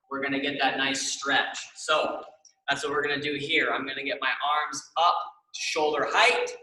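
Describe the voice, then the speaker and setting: A young man coaches a stretching class in an upbeat, encouraging way, often checking in with his students. His voice is fairly high and bright. The room is echoey and he stands away from the mic. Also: distant mic. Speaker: exercise class instructor.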